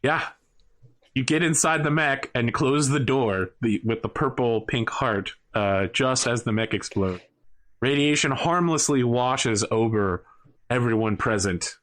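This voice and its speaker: A man narrating as game master of a tabletop mech game, telling the action in a wry, lively way. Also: medium pitch, measured pace.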